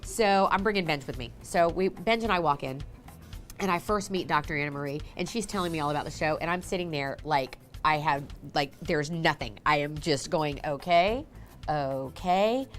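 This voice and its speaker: A woman who hosts a TV show and runs restaurants, telling her story to camera in a chatty, animated way on a lapel mic. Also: deep voice, brisk, soft background music. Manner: chatty and animated, acts out dialogue with a raised voice. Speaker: TV host and restaurant owner. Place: on a filming set with a camera crew.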